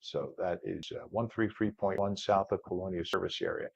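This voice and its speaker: A man's voice: low-pitched, steady tone, brisk, creaky, breathy edge, dry recording. A man hosting a live morning news and talk show, chatty and upbeat. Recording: dull, dry studio sound.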